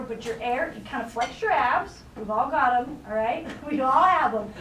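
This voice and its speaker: High-voiced woman coaching a band, echoey room. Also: lively intonation, normal speed. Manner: encouraging, explains with everyday comparisons. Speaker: guest band conductor. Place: school band rehearsal room. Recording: echoey room, distant mic, noisy.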